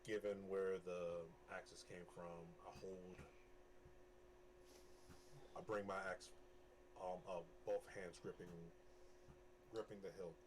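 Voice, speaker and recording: A very deep-voiced man speaking as his tabletop character, describing each action slowly and deliberately. His home mic picks up clear background noise throughout. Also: level tone, low-quality recording. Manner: slow, deliberate first-person role-play. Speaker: player.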